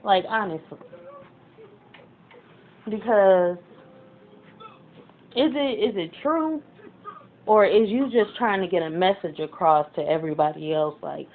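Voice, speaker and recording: A rambling, chatty woman vlogger talks casually to her viewers. Her voice sits on the lower side. The sound is thin and phone-like, with a faint hiss underneath. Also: normal speed, vocal fry, long pauses. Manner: rambling, chatty, many fillers. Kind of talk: casual reaction commentary. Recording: tinny phone-like audio with faint noise.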